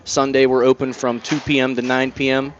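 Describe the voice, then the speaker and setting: A man's voice: medium pitch, level tone, brisk, dull audio, slight background noise. A man who owns a bar, answering interview questions in an easygoing, plain-spoken way. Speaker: bar owner.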